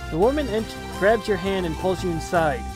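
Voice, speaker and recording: A woman's voice: on the low side, animated, normal speed. A woman playing a text adventure game, reading it aloud and tossing in wry, sweary asides. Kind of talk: reading aloud and commenting while typing. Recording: music playing underneath.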